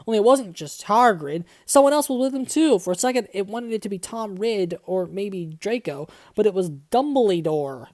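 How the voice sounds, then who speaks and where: A woman's voice: mid-range voice, lively intonation, normal speed, few pauses, darkish tone, dry recording, studio quality. A woman in her twenties doing a comedic dramatic reading, with exasperated, swearing asides. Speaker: host reading and reviewing a fanfic.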